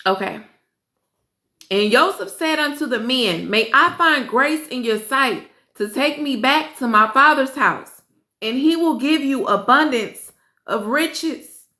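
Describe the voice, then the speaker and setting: A woman's voice: high-pitched, animated, sharp tone. A woman reading scripture aloud in an earnest, emotional way, breaking off for casual asides to her listeners. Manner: earnest and emotional, pauses to react. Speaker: scripture reader and host. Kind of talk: reading aloud with personal commentary. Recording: roomy echo.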